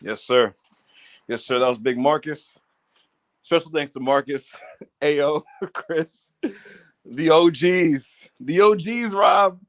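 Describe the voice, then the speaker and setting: A man's voice: on the high side, takes it slowly, long pauses, no echo. A man co-hosting a wrestling review podcast in loose, slangy banter, laughing often. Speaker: podcast co-host. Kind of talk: casual wrestling review chat.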